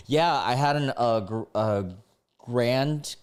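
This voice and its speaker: This young man's smooth, mid-range voice moves slowly as he reads stories aloud during a live stream. He's excitable, reacting with frequent exclamations and bursts of laughter.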